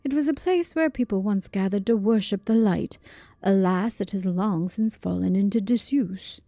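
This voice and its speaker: A woman's voice: medium pitch, normal speed, dark tone, no echo, studio quality, lightly acted. A woman voicing a mysterious hooded male mage, reading his formal, old-fashioned lines in a put-on accent. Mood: earnest.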